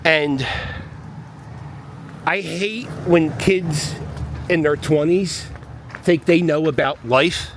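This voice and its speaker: A man's voice: on the high side, very slow, pauses often, a little hiss or hum. A man giving rambling, wry commentary to a handheld camera as he walks his dog down a city street. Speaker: vlogger walking his dog. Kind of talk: casual walking commentary.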